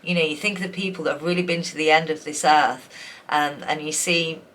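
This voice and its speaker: Female tarot reader, low-pitched, emotional and rambling, faint background noise. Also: fairly even intonation, a little fast, fairly bright tone. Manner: emotional, effusive, rambling with many restarts and fillers. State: tearful. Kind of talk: pick-a-card tarot reading.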